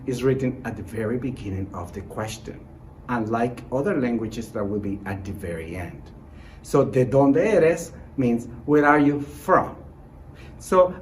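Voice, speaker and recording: Man teaching with lively intonation. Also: medium pitch, slight background noise, rough recording. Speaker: Spanish teacher. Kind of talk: recorded language lesson.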